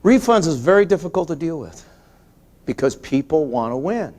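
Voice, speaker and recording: A man's voice: a little high, moderate pace. Emphatic man giving a business talk. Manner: emphatic, repeats key points, animated storytelling. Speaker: grocery chain executive addressing a sales meeting. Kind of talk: motivational business talk with anecdotes.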